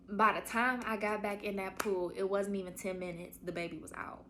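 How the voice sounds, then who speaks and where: A woman's voice: medium pitch, little pitch movement, a little fast, hardly any pauses, pushed and bright, a little hiss or hum. A young woman hosting a podcast, telling a heartfelt story in casual chat and calling her listeners y'all. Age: young adult. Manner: chatty, addresses listeners as y'all. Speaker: podcast host.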